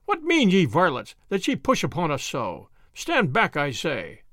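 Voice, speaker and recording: A man's voice: on the high side, wildly swooping pitch, moderate pace, gravelly, dry recording, clean studio sound, heavily acted. Man doing a bellowing angry sheriff. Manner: loud bellowing commands. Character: blustering angry middle-aged male sheriff.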